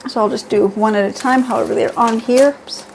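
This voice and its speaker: A middle-aged woman with a fairly high voice talks her way through a shopping haul at home. She reads out labels and prices in a chatty, easygoing way. A faint hum sits under her voice. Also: fairly even intonation, a little fast. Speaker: beauty vlogger. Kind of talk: casual product haul.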